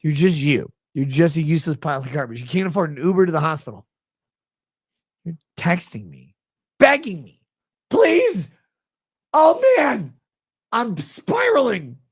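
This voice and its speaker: Husky guy on a stream, mocking and scornful, swings all over, dry close sound. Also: fairly high pitch, sing-song, moderate pace, dry recording. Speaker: livestreamer. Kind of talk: ranting livestream monologue.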